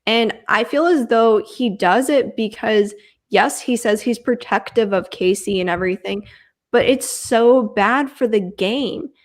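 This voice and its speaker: A woman's voice: fairly high pitch, measured pace. A woman co-hosting a reality show recap in a casual chat, giving firm opinions on the cast's choices.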